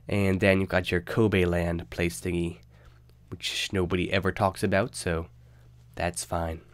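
A man's voice: low-pitched, flat delivery, unhurried, long pauses, no room sound. A young man with a stuffy, nasal voice from a cold, casually narrating a game guide with loose, rambling fillers. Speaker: game guide video host.

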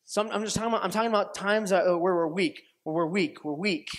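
A male pastor delivers a sermon in a fairly high voice, swinging between lively acted-out exchanges and quieter reflective stretches. He repeats and restarts phrases and asks the room whether it makes sense. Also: fast talker. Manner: animated storytelling, acts out quoted voices, laughs often; repetitive restarts, asks audience questions.

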